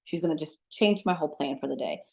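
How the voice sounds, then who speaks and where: A woman with a fairly low voice tells stories as an interview guest. Her delivery is chatty and animated, with plenty of "like" and "um" fillers. She speaks as a psychic medium sharing her experiences. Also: fast. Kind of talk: casual storytelling in an interview.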